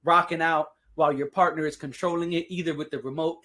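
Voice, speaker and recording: This podcast host talks in a loose, casual monologue at a middle pitch. They joke and tease constantly, break into laughter and toss off sarcastic asides. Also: animated, brisk, hardly any pauses, a bit bright. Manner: playful, joking, sarcastic asides; laughs often while talking. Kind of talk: casual solo podcast talk.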